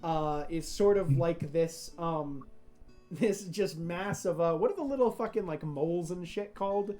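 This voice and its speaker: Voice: medium pitch, a little slow, mellow. A game master narrates a tabletop game in a loose, rambling way, full of fillers and laughter. Faint music plays in the background.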